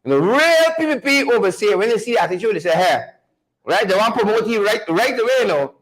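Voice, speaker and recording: A man hosting mocking political commentary, loud and sarcastic with laughing asides. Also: high voice, animated, fast, rough recording. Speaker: host.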